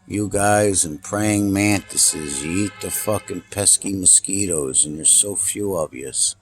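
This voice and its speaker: A man's voice: sits low, unhurried. A man filming outdoors by his car, muttering aloud to the animals and to himself while he shoots on a handheld camera. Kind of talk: casual self-talk while filming.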